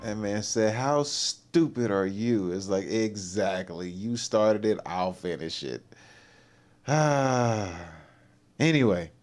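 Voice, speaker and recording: A man's voice: medium pitch, a little mellow. Laid-back man hosting a livestream. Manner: laid-back, rambling, gives motivational advice. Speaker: livestream host. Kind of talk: casual livestream commentary.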